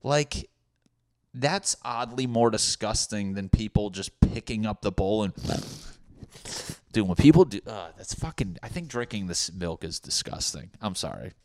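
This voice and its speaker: A man hosting a comedy podcast alone, rambling from one tangent to the next with frequent swearing and little laughs. His voice sits on the low side. The sound is dry and close to the mic. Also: animated, measured pace, darkish tone, no room sound. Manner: rambling, profane, laughing asides. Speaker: podcast host. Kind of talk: comedic solo monologue.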